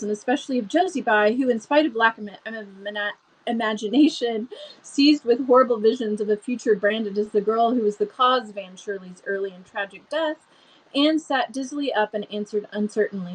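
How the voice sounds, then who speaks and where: A woman's voice: a little high, fairly quick, breathy edge, poor audio. A woman reading a novel aloud expressively, with chatty asides and small stumbles. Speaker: book reader.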